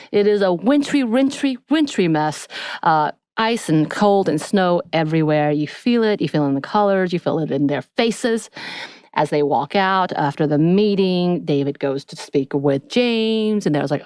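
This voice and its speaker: A woman co-hosting a podcast, casually recapping a TV episode in a chatty, animated way. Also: sits low, moderate pace, no room sound. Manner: chatty, animated retelling with acted-out quotes. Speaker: podcast co-host.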